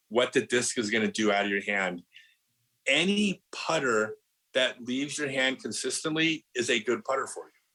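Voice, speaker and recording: A middle-aged man talking casually on a podcast as a guest, an animated storyteller who restarts his sentences and says "like" a lot. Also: mid-range voice, breathy edge, low-quality recording. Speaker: podcast guest, disc golf pro.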